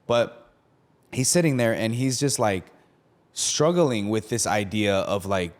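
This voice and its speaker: A man's voice: on the low side, lively intonation, moderate pace. Casual-talking young man pastor. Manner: conversational, many fillers, acts out quotes. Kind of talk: casual podcast talk.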